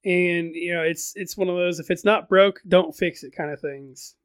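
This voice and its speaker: A man's voice: sits high, steady tone, moderate pace, clean tone, no echo. A man casually recapping a fantasy book on his podcast, chatty, often repeating words and adding fillers.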